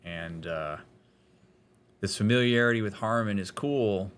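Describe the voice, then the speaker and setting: A therapist giving let's-play commentary in a reflective, analytical way, with casual fillers. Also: male voice, lowish voice, measured pace, fairly bright tone, a little hiss or hum. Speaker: therapist playing a game.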